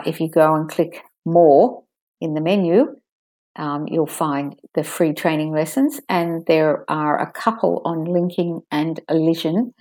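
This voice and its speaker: Slow, deliberate woman teaching pronunciation. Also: low-pitched, a little mellow. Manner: slow, deliberate, stresses key words. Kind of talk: pronunciation lesson, modeling sentences for repetition.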